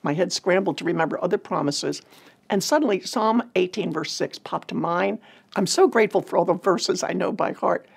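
Woman, ministry leader, gravelly husky tone, earnest and measured testimony talk. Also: lowish voice. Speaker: ministry leader telling a personal story.

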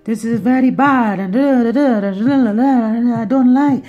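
A woman doing a put-on Italian accent as an indignant woman complaining loudly in broken English. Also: a little high, moderate pace, muffled recording, pitched above the performer's own voice, natural voice. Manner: loud, exclaiming, broken English.

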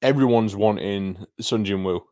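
A man's voice: on the low side, measured pace, darkish tone. A young man co-hosting a podcast, chatting casually and musing aloud with questions. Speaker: podcast co-host. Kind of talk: casual chat.

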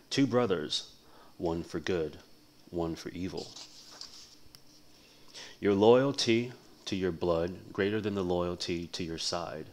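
A man's voice: low-pitched, a little hiss or hum. A man voicing an ageless magic pen speaking a solemn oath.

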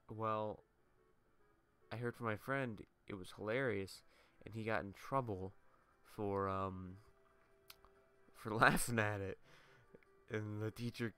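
A man's voice: fairly low pitch, bright, forceful tone, clear, resonant tone. A young man rambling through a casual let's play, swearing and laughing as he tells school stories over his gameplay. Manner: rambling, profane, laughing asides.

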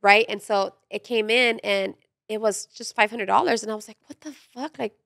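A woman's voice: mid-range voice, fairly even intonation, moderate pace, gravelly, a bit bright, no echo, clean studio sound. A woman co-hosting a podcast, chiming in with short remarks and then telling her own story in a casual way. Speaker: podcast co-host. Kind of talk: casual chat.

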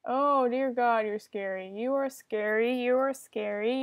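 A woman's voice: fairly high pitch, measured pace, few pauses. A young woman giving casual commentary while playing an online game, often frustrated and swearing at other players. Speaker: gamer.

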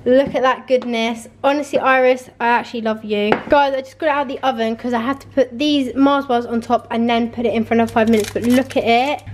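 A young woman talks to her camera in a casual, chatty vlog. Her voice sits high, and she complains playfully and keeps things animated. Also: fast, hardly any pauses, over music. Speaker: vlogger. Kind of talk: casual chat.

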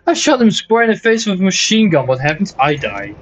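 Brisk and with few pauses, this high-voiced man sounds very animated, his lo-fi recording carrying faint music behind him. He's a gaming video host doing let's play commentary on a shooter, swearing and joking in exasperation, now and then switching into mock German or Dutch.

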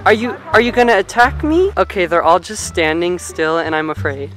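A young woman vlogging casually, excitable and squealing, swearing freely. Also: fairly low pitch, moderate pace. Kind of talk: casual vlog chat. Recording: music playing behind the talk.

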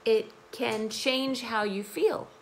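An American woman teaching English, speaking very slowly and patiently so learners can follow. Her voice is fairly high but hoarse from the morning. She repeats key phrases and explains carefully. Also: fairly even intonation, slight background noise, low-quality recording. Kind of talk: explaining song lyrics to learners.

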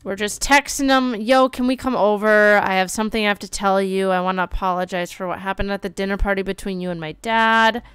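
A woman streaming live, commenting on a life-sim game with animated outbursts and quick read-outs. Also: medium pitch, clear, resonant tone, no room sound.

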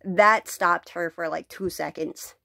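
Woman ranting on her vlog, lowish voice, takes her time, cusses a lot, dry close sound. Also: fairly even intonation, takes it slowly, creaky, pushed and bright, no room sound. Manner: blunt and profane, laughs between sentences. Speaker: vlogger. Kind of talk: casual venting rant to camera. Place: at home.

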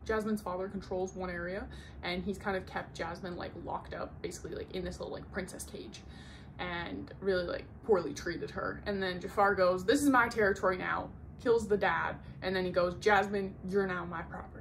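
A woman's voice: on the low side, flat delivery, moderate pace, vocal fry, a little hiss or hum. A woman chatting casually as she reviews the books she read, filling her talk with "like" and laughing as she retells plots. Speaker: book vlogger. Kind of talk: casual book review chat.

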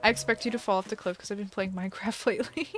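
A woman's voice: mid-range voice, fairly even intonation, racing. A young woman hosting a casual live stream while playing a game, giggly and chatty, reading chat aloud. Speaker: livestream host.

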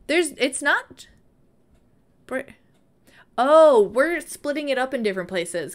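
A woman's voice: high voice, very animated, measured pace, pauses often, fairly bright tone. A woman chatting casually and playfully on a live stream, now and then baby-talking to her dog.

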